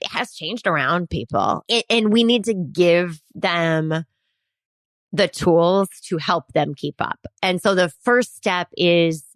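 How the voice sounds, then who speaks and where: A woman CEO speaking as a podcast guest, animated, laughing easily and acting out quoted voices. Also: lowish voice, slow, dry recording. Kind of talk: conversational interview.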